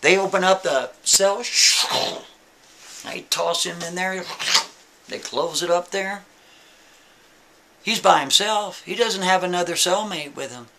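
A man telling a story in a lively, emphatic, casual way, talking straight to the listener. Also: high voice, unhurried, long pauses.

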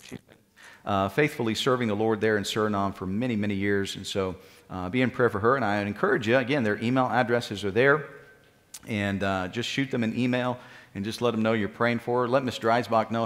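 A man leading church announcements as pastor, encouraging and halting, with frequent filler sounds. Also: on the low side, fairly bright tone. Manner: encouraging, praising children after they recite. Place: church sanctuary. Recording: live-streamed church service with long hall reverb.

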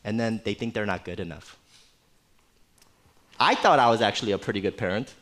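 A middle-aged man preaching a sermon in a church, conversational and animated, with playful asides. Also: on the low side, a little fast. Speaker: pastor.

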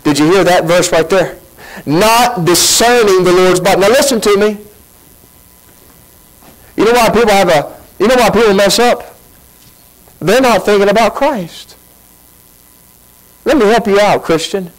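High-pitched animated preaching man. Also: normal speed, long pauses, rough recording. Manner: animated preaching with sudden pitch jumps and rhetorical questions. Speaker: pastor. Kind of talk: sermon.

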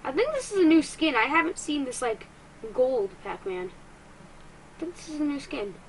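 High-voiced excitable woman gaming YouTuber. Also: slight background noise, low-quality recording. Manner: excitable, quick to frustration, self-mocking. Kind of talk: let's-play commentary.

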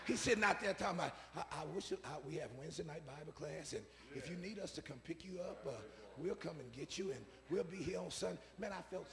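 A man a call-and-response sermon, repeating his phrases and swinging from soft asides to shouts. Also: a little high, fast, gravelly, hardly any pauses, crowd noise. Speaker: preacher. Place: church sanctuary. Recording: preaching in a reverberant church hall.

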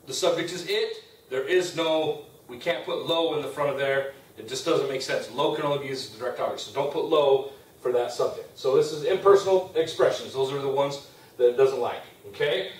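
A man with a brisk, mid-range voice lectures on Spanish grammar, working through it step by step and often asking "okay?" The sound is roomy, picked up from a distance in a classroom.

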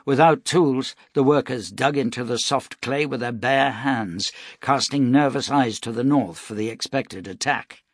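A man narrates an audiobook in a steady, measured storytelling voice of mid-range pitch. The recording is clean studio sound with no room sound.

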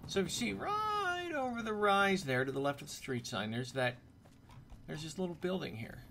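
Chatty gravelly-voiced man narrating gameplay. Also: high voice, very animated, moderate pace, pushed and bright, slight background noise. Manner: chatty, joking asides. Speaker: gameplay commentator. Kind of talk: casual let's-play commentary.

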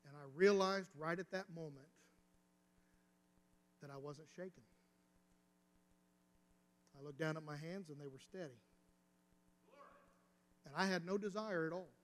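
A man's voice: on the high side, measured pace, pauses often, fairly bright tone. A man preaching a sermon as pastor, telling a personal story with rising and falling intensity. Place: church sanctuary. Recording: reverberant church hall.

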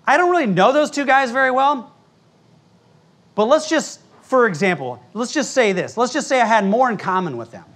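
High-voiced blunt American preacher. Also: male voice, very animated, normal speed, a bit bright. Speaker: pastor. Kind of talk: sermon. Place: church sanctuary before a congregation.

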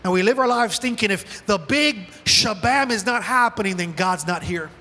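A male pastor preaching a sermon in a lively, animated way, acting out quoted lines from scripture. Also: high voice, moderate pace. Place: church auditorium. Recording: large hall with long reverb.

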